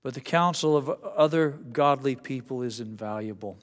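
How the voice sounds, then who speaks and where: A man's voice: medium pitch, normal speed, in a large hall. A male pastor preaching a sermon in a conversational, folksy way, often restarting his sentences. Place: church sanctuary.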